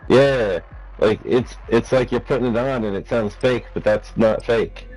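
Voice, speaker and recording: A man's voice: mid-range voice, a little slow, darkish tone, faint music behind, low-quality recording. A man with a New Jersey accent, stoned, rambling and restarting his words in casual chat while gaming on a headset. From North Jersey, USA. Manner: rambling, stumbles and restarts words, laughs often. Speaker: gamer.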